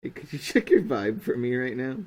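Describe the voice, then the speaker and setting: A man's voice: medium pitch, very animated, fairly quick, darkish tone, poor audio. A young man streaming while he draws, chatting casually and teasing his friend. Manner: teasing, joking.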